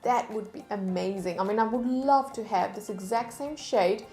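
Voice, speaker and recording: A woman beauty vlogger chatting to camera, telling stories in a lively way at her desk. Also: mid-range voice, normal speed, reverberant, faint music behind. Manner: chatty, animated storytelling. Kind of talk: casual chat to camera. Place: indoor room at a desk.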